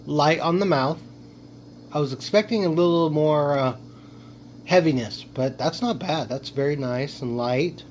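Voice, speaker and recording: A man's voice: a little high, slight background noise. A man hosting a casual beer tasting review, playful and theatrical, savoring each sip aloud.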